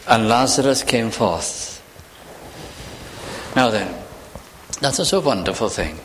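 Expressive male preacher in a reverberant hall. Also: medium pitch, a little hiss or hum. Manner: expressive, varied delivery with slow emphatic pauses. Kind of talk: sermon.

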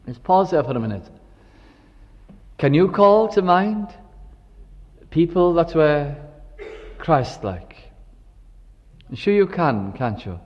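A man's voice: a little high, big pitch swings, slow, long pauses. An older man preaching a sermon, reflective and full of storytelling asides. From Wales. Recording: dull recording with long hall reverb.

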